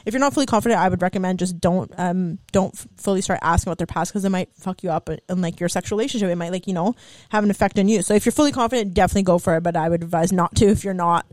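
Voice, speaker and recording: A woman's voice: on the low side, rapid-fire, darkish tone, no room sound. A woman co-hosting a podcast, chatting candidly and rambling with lots of fillers and blunt swearing. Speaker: podcast co-host. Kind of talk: candid casual chat about sex.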